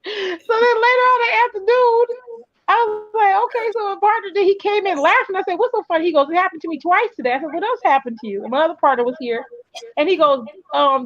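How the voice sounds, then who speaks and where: A woman in casual chat, telling an animated story full of quoted dialogue. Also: high voice, dry recording, muffled recording. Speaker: co-host.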